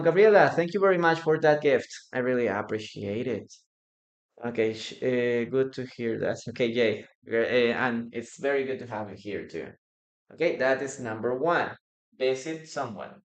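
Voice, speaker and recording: A man's voice: mid-range voice, normal speed. A man teaching a live online English lesson, patiently repeating words and quizzing his viewers in the chat. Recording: roomy echo.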